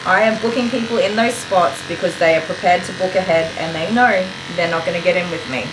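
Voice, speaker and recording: A low-voiced woman chats on a livestream, telling a long story about a customer and quoting both sides with plain exasperation. Her voice rings in an echoey room. A faint electric clipper hum sits behind her. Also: brisk. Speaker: dog groomer and livestream host. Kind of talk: casual livestream chat.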